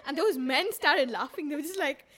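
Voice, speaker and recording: A woman's voice: high-pitched, animated, normal speed, a bit bright, a little hiss or hum. A young woman chatting casually as a podcast co-host, blunt and swearing freely, often saying "dude". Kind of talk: casual chat.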